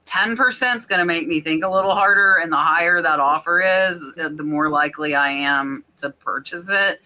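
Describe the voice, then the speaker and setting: A woman's voice: low voice, moderate pace, pushed and bright. A woman hosting a casual podcast chat, reading out viewer questions with lots of "um" and "like.". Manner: chatty, many fillers like "um" and "like".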